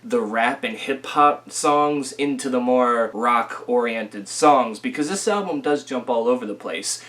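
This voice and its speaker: A man's voice: medium pitch, unhurried, hardly any pauses, a bit bright. Casual young man rambling album review. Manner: rambling, filler-heavy, self-correcting. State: recovering from illness, occasional coughing.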